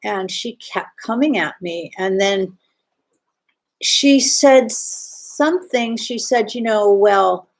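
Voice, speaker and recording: A middle-aged woman speaks softly and reflectively, at an ordinary pitch for a woman. She tells a personal story at an unhurried pace and often pauses on small fillers. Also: low-quality recording. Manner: gentle, reflective, many fillers. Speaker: podcast host.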